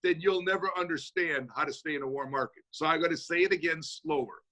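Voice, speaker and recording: A man holding forth in a motivational Q&A, talking quickly in a folksy, energetic way. His voice sits a touch high and rings bright and forceful, coming through a video call. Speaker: speaker answering audience questions. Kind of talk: motivational Q&A talk.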